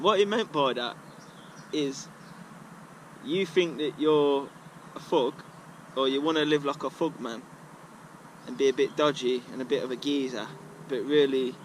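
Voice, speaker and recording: A man's voice: medium pitch, rough recording. A man, chatting off the cuff at a favourite outdoor spot. He rambles and swears freely in loose slang, over a faint hum of street noise. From England. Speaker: vlogger. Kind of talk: casual rambling monologue. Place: outdoors at a regular filming spot.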